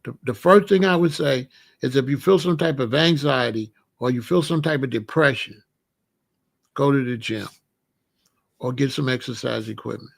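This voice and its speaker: A middle-aged man talking casually and giving life advice, animated and conversational, with frequent restarts. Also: medium pitch, moderate pace, gravelly. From Chicago area. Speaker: vegan lifestyle host.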